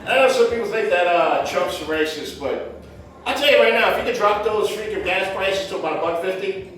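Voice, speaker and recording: A man's voice: sits high, expressive, brisk, a bit bright, slight background noise. A man doing a stand-up set in a comedy club, brash and conversational, tossing in "man" and "right?" as he goes. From Puerto Rican heritage. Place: comedy club stage with audience laughter. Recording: echoey club, heard from far off.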